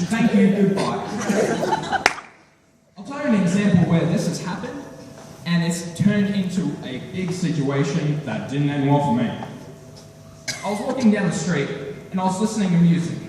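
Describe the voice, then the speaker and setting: Teen guy doing stand-up in a big echoey school hall, high voice, sounds far off from the mic. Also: background noise. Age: teens. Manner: animated, acts out characters with voice changes. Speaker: student stand-up comic. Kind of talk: stand-up comedy routine. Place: school hall at a talent show.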